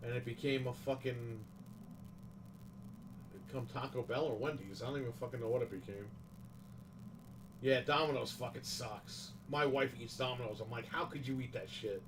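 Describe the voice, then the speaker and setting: A man's voice: medium pitch, fairly even intonation, moderate pace, pauses often, distant mic, background noise. Profane ranting New man. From New York, USA. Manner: profane, ranting, emphatic complaints. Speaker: livestream host. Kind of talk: casual livestream chat.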